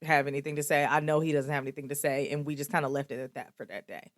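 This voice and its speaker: Woman podcast host, lively storytelling, slightly low voice, dry close sound. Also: quick pace, no echo. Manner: animated, acts out quoted dialogue with big pitch jumps. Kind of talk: candid conversational storytelling.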